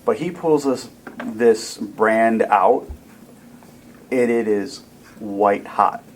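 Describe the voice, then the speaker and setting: A man's voice: mid-range voice, low-quality recording. A man narrating a tabletop game as dungeon master, telling the scene in vivid, dramatic detail. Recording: faint background noise.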